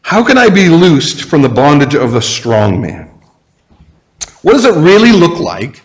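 A man's voice: on the high side, long reverb tail, low-quality recording. A male pastor preaching a sermon, earnest and emphatic, with rhetorical questions.

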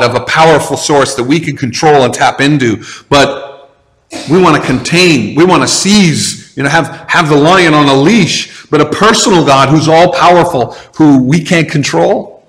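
Man, pastor, sermon, conversational, slow heavy emphasis, church, long reverb of a big hall. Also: fairly high pitch, a bit bright.

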